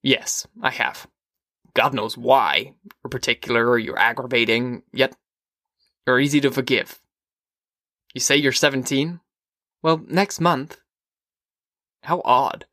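A guarded fireman gives short, hesitant answers, read by a male narrator close to his own voice. The delivery is low-key and plain, with a dry, close sound. He comes across as uneasy and holding back. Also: steady tone, slow, long pauses, sharp tone, no room sound. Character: guarded grown man fireman, unsettled and terse. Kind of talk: audiobook character voice.

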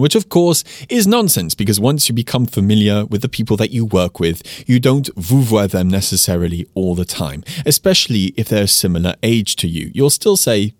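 Male teacher, podcast host: low, animated delivery, slows down on example phrases, dry booth sound. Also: dry recording. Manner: lively, explains with slowed-down French examples. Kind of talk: casual podcast lesson.

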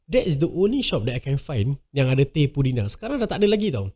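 A co-host chatting in a lively, opinionated way, laughing often and mixing Malay and English. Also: mid-range voice, very fast. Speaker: podcast co-host. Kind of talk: casual chat.

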